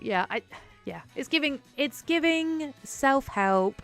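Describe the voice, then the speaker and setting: A woman's voice: a little high, expressive, a bit bright, soft background music. Chatty laughing woman guest. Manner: chatty, laughs often, quick quips. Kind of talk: casual chat on a live stream.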